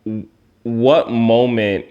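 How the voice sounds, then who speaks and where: Man hosting, halting questions. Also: mid-range voice, steady tone, mellow, clean tone, lo-fi sound. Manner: attentive, asks halting follow-up questions. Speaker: podcast host. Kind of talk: casual interview.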